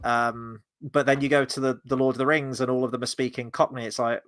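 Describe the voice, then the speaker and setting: A man's voice: medium pitch, flat delivery, fairly quick, a bit bright. A man hosting a podcast in casual chat, enthusiastic and joking. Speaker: podcast host.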